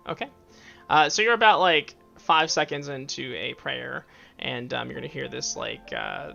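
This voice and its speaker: A man narrating a tabletop game as game master, halting and full of fillers and restarts, with slightly dull sound and faint music behind. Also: medium pitch, sing-song, creaky, pushed and bright.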